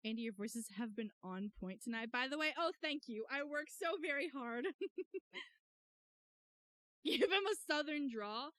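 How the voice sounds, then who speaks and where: A woman's voice: high voice, lively intonation, a little slow, long pauses, fairly bright tone, slight background noise. A woman streamer chatting casually and giggling while reading a game aloud.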